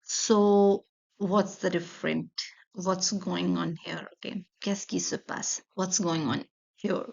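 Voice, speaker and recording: Woman, French teacher, patient step-by-step explanations, gravelly edge, slightly dull sound. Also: lowish voice, fairly even intonation, takes it slowly, darkish tone. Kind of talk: online language lesson.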